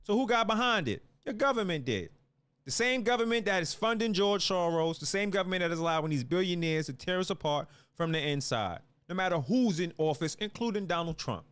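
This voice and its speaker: Fiery, high-pitched ranting man. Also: animated, brisk, a bit bright, clean tone. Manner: fiery, restarts and repeats words. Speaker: political commentator. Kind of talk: heated ranting monologue.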